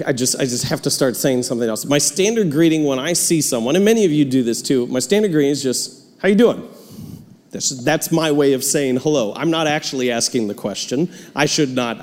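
A man's voice: mid-range voice, big-room sound. A man preaching a sermon as pastor in a church, cheerful and storytelling. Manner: cheerful, animated storytelling with laughs. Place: church sanctuary.

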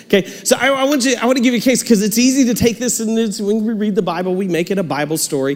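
A man's voice: high-pitched, quick pace, hardly any pauses, in a large hall. A man preaching a sermon as pastor in a church, cheerful and storytelling. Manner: cheerful, animated storytelling with laughs. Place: church sanctuary.

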